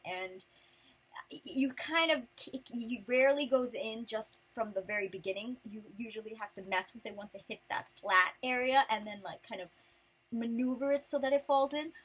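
A chatty woman vlogger with a slightly high, breathy voice. She rambles through her prize haul in a casual way and breaks into animated outbursts. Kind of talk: casual chat.

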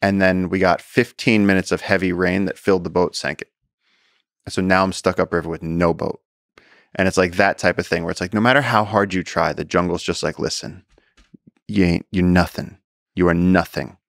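A man with a low, deep voice talks as a podcast guest and explorer, telling stories in an animated way. He trips over and repeats his words while he talks. The sound is dry and close. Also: fairly quick, vocal fry, no echo. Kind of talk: casual storytelling conversation.

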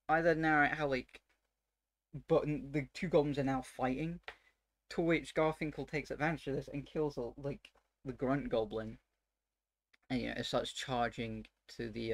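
Gravelly man rambling through a game recap. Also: a little high, dry recording. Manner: rambling, full of fillers, grows excited and exasperated. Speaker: dungeon master. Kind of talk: casual recap of a tabletop game session.

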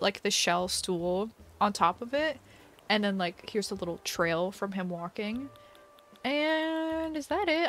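A woman's voice: on the high side, fairly bright tone. A young woman hosting a casual live stream while playing a game, giggly and chatty, reading chat aloud. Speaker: livestream host.

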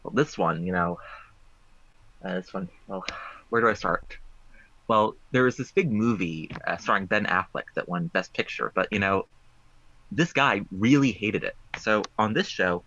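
Rambling deadpan man on a muffled line. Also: lowish voice, normal speed, a little hiss or hum. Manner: rambling, playfully deadpan, full of fillers. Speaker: puzzle presenter. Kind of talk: joking puzzle game on a talk show.

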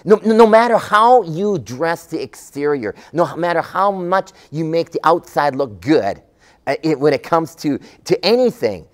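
A man pastor preaching a sermon in a church, animated and repeating phrases as he acts out quoted voices. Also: a little high, a little slow. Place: church sanctuary.

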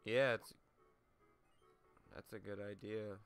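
Young guy w a runny nose cursing thru his let's play, kinda low voice but bright and clear, game music faint behind. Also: big pitch swings, very slow, pauses often. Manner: sweary, self-mocking, talks to himself. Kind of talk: casual gameplay commentary.

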